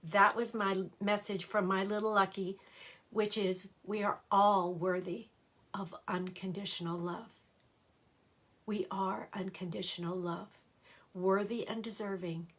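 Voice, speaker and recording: An older woman talks to her viewers on a live stream in a casual, chatty way. She speaks at an ordinary pitch for a woman and often restarts her sentences. She greets people by name as she talks. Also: level tone, unhurried, fairly bright tone. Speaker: astrologer hosting a live stream. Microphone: computer or phone live-stream mic.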